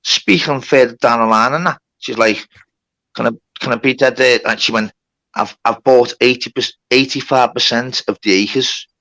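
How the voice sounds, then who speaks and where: A man's voice: medium pitch, normal speed, bright, forceful tone. A man telling a long story on a livestream, with lots of swearing and reported speech. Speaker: livestream host. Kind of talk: casual storytelling.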